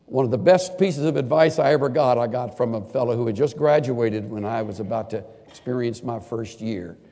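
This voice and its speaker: An older man preaching a sermon in a large hall to students and faculty. He swings from loud, lively bursts to quiet, earnest asides. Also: mid-range voice, brisk. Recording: long hall reverb.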